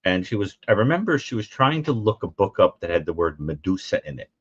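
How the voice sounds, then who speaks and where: His voice is low-pitched, brisk and breathy-edged as this call-in show co-host chats casually, spinning funny stories, imitating the voices of those involved and laughing a lot. The sound is lo-fi and has no room sound.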